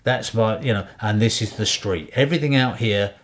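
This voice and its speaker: A man's voice: on the low side, normal speed. A man co-hosting a podcast, giving advice in a firm, matter-of-fact way. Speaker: podcast co-host. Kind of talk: casual chat.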